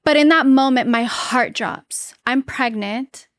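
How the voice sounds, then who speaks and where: A woman in her thirties, appearing as a podcast guest, earnestly and candidly shares a personal story, acting out her own quoted lines and what people said. Her high, fairly bright voice moves slowly, captured in a dry, studio-quality recording.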